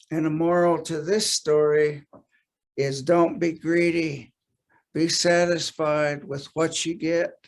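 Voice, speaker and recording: A man telling a traditional folk tale slowly and gently, pausing often on "uh". His voice is a little high, with a gravelly edge. He is heard through a webcam on a video call. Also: flat delivery. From United States. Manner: gentle, unhurried, with frequent "uh" pauses. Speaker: storyteller. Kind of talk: traditional oral storytelling.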